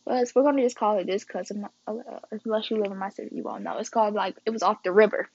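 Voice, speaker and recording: A woman's voice: mid-range voice, steady tone, fast talker, gravelly, darkish tone, no room sound, lo-fi sound. A young woman casually telling a story to her viewers, chatty and slangy, acting out quoted dialogue dramatically. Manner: slangy and chatty, addresses the audience as guys and y'all.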